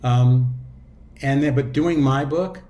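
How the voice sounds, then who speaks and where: A man in his sixties, an audiobook narrator and actor, speaks slowly in a mid-range voice as an interview guest. The chat is casual, and he sounds relaxed and reflective, with loose fillers and restarts.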